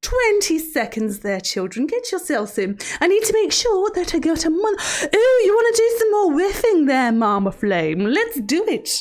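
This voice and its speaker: A sugary, menacing villain therapist, as a woman streamer puts her on, purring threats at her audience between cheery greetings. The voice sits high and leaps up and down in sing-song swoops, words drawn out with mock sweetness. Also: big pitch swings, normal speed, few pauses, a little mellow. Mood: playful teasing. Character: creepy, teasing female villain therapist hosting cruel trials. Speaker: streamer in character. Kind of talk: live-stream character role-play.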